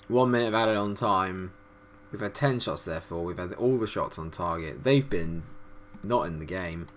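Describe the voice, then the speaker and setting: Young man, lowish voice, gaming commentary, excitable, swears, faint background hum. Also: normal speed. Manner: excitable, swearing, frustrated outbursts. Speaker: gaming YouTuber. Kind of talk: let's-play commentary.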